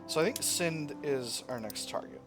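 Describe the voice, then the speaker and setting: A man's voice: a little high, expressive, normal speed. A man casually commenting on his strategy game as he plays, thinking aloud and often correcting himself. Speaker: let's play gamer. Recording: game music playing underneath.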